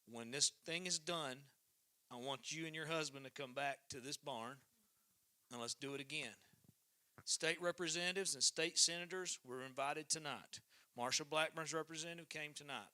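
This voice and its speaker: A man giving an impassioned closing address at a live church gathering in a converted barn, moving from loud declarations to hushed, emotional passages. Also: fairly high pitch, moderate pace. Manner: fervent, preacherly, swings from loud to hushed. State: emotional, voice thick.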